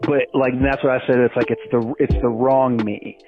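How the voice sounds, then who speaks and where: A stand-up comedian telling stories in a casual phone chat, loose and freely swearing. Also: male voice, mid-range voice, moderate pace. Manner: loose, animated storyteller who swears freely. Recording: tinny phone line with music behind.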